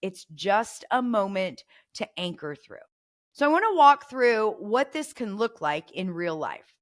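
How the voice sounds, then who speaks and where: A woman's voice: mid-range voice, big pitch swings, a little slow. A middle-aged woman hosting a parenting podcast, coaching listeners and acting out example phrases to say to a child. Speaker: podcast host.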